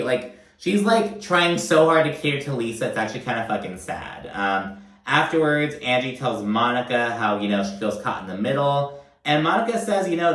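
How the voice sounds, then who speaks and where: A man's voice: mid-range voice, moderate pace, a bit bright, reverberant, recorded from a distance. A man giving a casual recap commentary, swearing often in a sassy, exasperated rant. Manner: profane, sassy, exasperated ranting.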